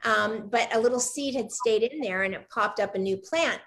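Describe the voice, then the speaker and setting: A woman's voice: a little high, normal speed, a bit bright. Chatty woman hosting a cooking chat. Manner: chatty storyteller, asks eager follow-up questions. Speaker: cooking show host. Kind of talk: casual video-call chat. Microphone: video call.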